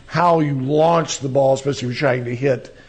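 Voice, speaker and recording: A man's voice: medium pitch, fairly even intonation, a little fast, a little mellow. A man in his sixties hosting a radio talk show, chatting in a rambling way that keeps breaking off and restarting. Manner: rambling, self-interrupting.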